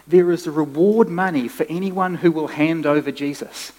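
Animated male preacher in a hall. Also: fairly high pitch, normal speed. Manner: animated, conversational preaching with restarts. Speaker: pastor. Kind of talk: sermon.

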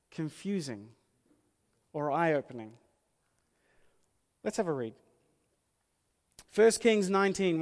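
Animated male preacher in a reverberant hall. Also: high-pitched. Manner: animated, conversational, acts out quoted lines. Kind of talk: casual sermon storytelling. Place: church hall with screen.

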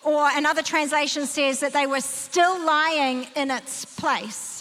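A woman preaches with a high, bright voice that rises and falls as she paints the story for her listeners. She leans hard on key words in an emphatic, storytelling manner. Her voice rings out with a long reverb from a large hall. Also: measured pace. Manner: emphatic, vivid storytelling with sweeping pitch. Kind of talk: sermon.

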